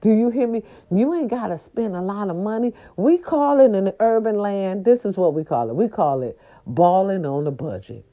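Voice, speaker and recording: A woman's voice: medium pitch, moderate pace, few pauses, narrow, tinny audio. A woman hosting a podcast in casual holiday chat, sassy and playful, who breaks into little growls. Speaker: podcast host.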